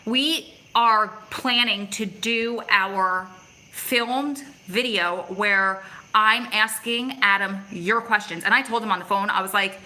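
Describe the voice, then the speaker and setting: A woman's voice: mid-range voice, slow, bright, forceful tone, poor audio. A middle-aged woman hosting a casual livestream outdoors on her phone, chatty and reading out viewers' comments as she answers them. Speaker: vlog host reading live chat. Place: outdoors in the city at evening.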